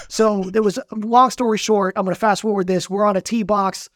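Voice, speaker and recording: Fast-talking high-voiced male reporter. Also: no echo, studio quality. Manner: animated storyteller, quick and bright. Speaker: sports reporter. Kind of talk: casual podcast chat.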